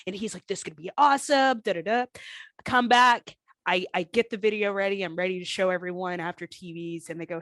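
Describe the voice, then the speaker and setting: A woman in her thirties, a former pro wrestler guesting on an interview podcast, tells her story with candor and emotion. Her voice sits fairly low and moves fairly quickly over a dry recording, and she acts out other people's words in lively voices.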